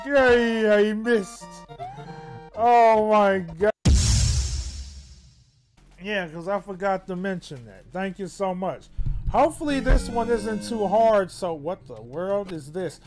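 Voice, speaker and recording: Young male streamer, excitable, laughs and yells a lot, very unhurried delivery, faint game music behind. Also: high voice. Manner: excitable, laughs often, yells when surprised. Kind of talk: casual live-stream commentary.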